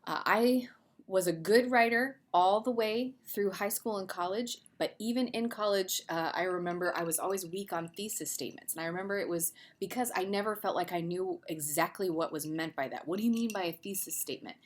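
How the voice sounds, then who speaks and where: A woman's voice: lowish voice, normal speed. A middle-aged woman, an English teacher, giving a recorded video lesson in a casual, conversational way with fillers and asides.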